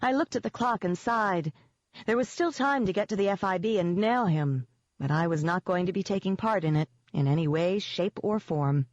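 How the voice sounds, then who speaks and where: An audiobook narrator reading a first-person novel in a steady, measured way. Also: mid-range voice, dry recording. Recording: dull, dry lo-fi audio.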